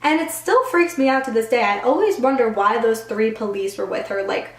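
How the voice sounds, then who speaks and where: A woman's voice: fairly high pitch, brisk. Chatty young woman in a roomy echo. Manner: chatty, lots of "like" fillers. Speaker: YouTuber. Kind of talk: casual storytime vlog.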